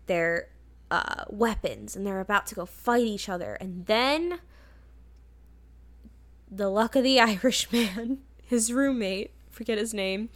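A woman's voice: medium pitch, fairly bright tone. A young woman casually recapping a movie plot in a rambling, chatty way, laughing now and then.

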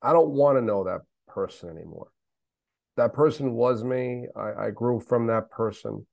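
A man's voice: mid-range voice, normal speed, gravelly, darkish tone, dry recording. A middle-aged man, a guest on a podcast, talking candidly and emphatically, repeating himself and swearing now and then. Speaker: podcast guest, special needs father. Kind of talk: candid conversational interview.

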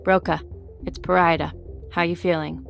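A woman reading a calm female guide in a storybook, patient and direct. The voice sits a little low, with faint music underneath. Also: normal speed, gravelly. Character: calm, firm female guide coaching people.

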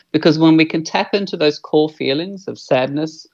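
A man's voice: fairly high pitch, normal speed, creaky, a little mellow, highs cut off. A man, an earnest and reflective podcast guest who swears freely. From New Zealand. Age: 40s. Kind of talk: podcast conversation.

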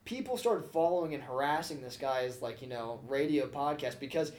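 A man's voice: medium pitch, normal speed, a little mellow, slight background noise. A man co-hosting a podcast, retelling a story in a rambling, filler-heavy way. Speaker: podcast co-host. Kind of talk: casual storytelling chat. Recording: echoey room.

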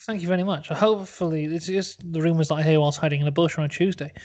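A man's voice: on the high side, fast talker. Rambling comic storyteller man. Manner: animated, rambling, profane. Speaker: podcast host.

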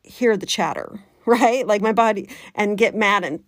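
A woman life coach, talking to her listeners in a chatty, animated way and slipping into the voice of her inner critic. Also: mid-range voice, measured pace, dry recording, studio quality. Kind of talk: coaching podcast talk.

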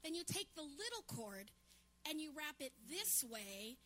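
A woman co-hosting a live podcast on a theatre stage, bantering with quick, dry jokes. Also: high-pitched, sing-song, a bit bright. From New York City. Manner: quick, dry, joking delivery. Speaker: podcast co-host.

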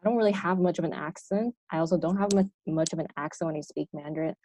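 Mellow-voiced American woman chatting. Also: low-pitched, quick pace, a little hiss or hum, low-quality recording. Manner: reflective, talks in long winding sentences with restarts. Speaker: podcast co-host. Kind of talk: casual chat.

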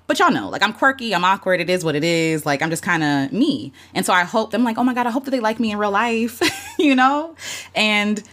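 Expressive and fairly quick, a woman with a medium-pitched, fairly bright voice chats on her livestream about the past year. The content creator greets viewers by name and thanks them, sharing heartfelt thoughts packed with fillers. Now and then she becomes emotional, almost crying.

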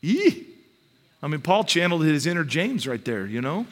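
A high-pitched man preaching a sermon, talking to the congregation as if in conversation. He builds his points with rising emphasis and drops in casual asides. His voice carries the long reverb of a large hall. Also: sing-song, a little fast, a little hiss or hum. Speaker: pastor.

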